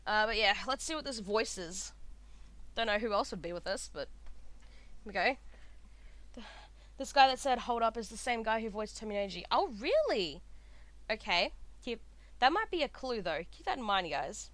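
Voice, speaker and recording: A woman with an Australian accent, chatting and reacting excitedly while playing a game, swearing freely. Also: on the high side, normal speed, pauses often, no room sound. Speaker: gaming streamer. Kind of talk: casual let's-play commentary. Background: game music.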